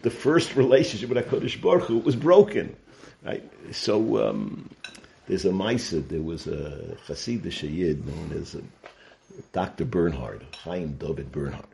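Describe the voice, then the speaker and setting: Deep-voiced man telling Torah stories. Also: very animated, measured pace, creaky, dark tone, slight background noise. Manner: storytelling, sprinkles Yiddish and Hebrew terms. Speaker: Torah teacher. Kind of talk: Torah talk with storytelling.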